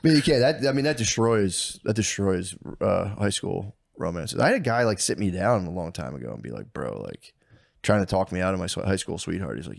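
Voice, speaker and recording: A man's voice: low-pitched, animated, fairly quick, gravelly. A man co-hosting a podcast in loose, profane casual chat, laughing often. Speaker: podcast co-host.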